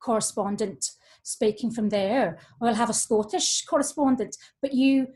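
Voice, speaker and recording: A woman's voice: a little high, a little slow, darkish tone. A woman, a voice coach talking expressively in a podcast conversation. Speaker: voice coach guest.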